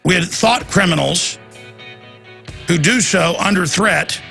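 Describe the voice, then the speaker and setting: A male radio talk host in a heated monologue, stumbling over repeated words as he builds steam. His voice sits fairly high, with a gravelly, husky rasp and a bright, forceful edge. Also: takes it slowly, faint music behind.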